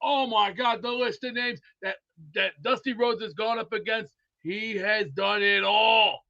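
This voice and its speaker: A man's voice: high voice, steady tone, unhurried, vocal fry, bright, forceful tone. A man hosting a live sports talk show, rambling and boisterous, full of movie quotes. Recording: dull lo-fi audio.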